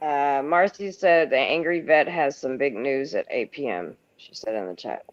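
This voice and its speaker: A woman's voice: a bass voice, animated, moderate pace, no echo, lo-fi sound. A woman on a live stream panel, chatting casually and teasing the host. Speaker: panel guest.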